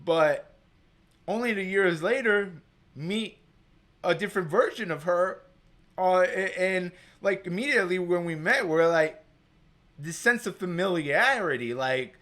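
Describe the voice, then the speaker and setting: Man, rambling storyteller, fillers everywhere, slightly high-pitched. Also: measured pace, sharp tone. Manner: rambling, heavy on filler words. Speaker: guest. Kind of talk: casual storytelling.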